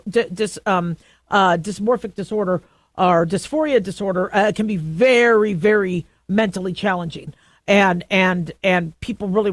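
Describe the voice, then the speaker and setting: A woman's voice: medium pitch, no room sound. A middle-aged woman hosting a radio talk show, chatting casually and telling stories with lots of fillers. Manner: chatty, animated storytelling with frequent fillers.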